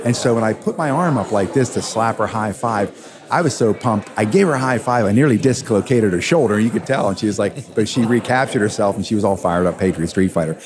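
A fired-up man with a low voice, telling a story in an interview with punchy emphasis. A crowd chatters steadily behind him, so the recording sounds like a busy event hall. He hosts a radio show and talks like a seasoned storyteller. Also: a little fast. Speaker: radio host and attorney, guest.

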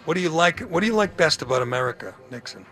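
A man's voice: fairly high pitch, lively intonation, quick pace, fairly bright tone. Male radio host, teasing and playful, with music underneath. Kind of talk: casual interview with a family.

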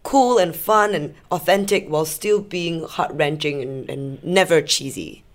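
A woman's voice: deep voice, measured pace. A woman co-hosting a film review podcast, talking in a casual, enthusiastic and self-deprecating way. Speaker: film critic podcast co-host.

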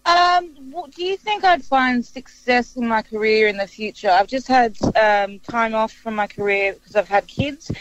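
A woman calling in to radio, hesitant and filling pauses with ums. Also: on the high side, lo-fi sound, a little hiss or hum. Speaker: caller. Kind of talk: phone call to radio.

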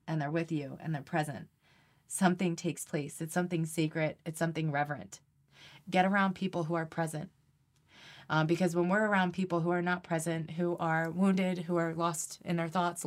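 A woman guest on a podcast, talking earnestly and animatedly about energy healing, often restarting her sentences. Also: low-pitched. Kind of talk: conversational interview.

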